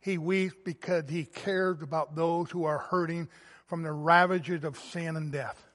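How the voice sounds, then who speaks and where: Slow, high-voiced preaching man. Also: steady tone, long reverb tail. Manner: earnest preaching, swelling loud then dropping quiet. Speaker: pastor. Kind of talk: sermon.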